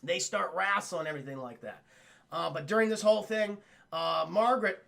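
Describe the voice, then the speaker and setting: Male streamer, high bright voice, gravelly edges, profane rambling recap, addresses chat. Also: normal speed. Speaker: streamer and cartoon reviewer. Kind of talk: livestream episode recap.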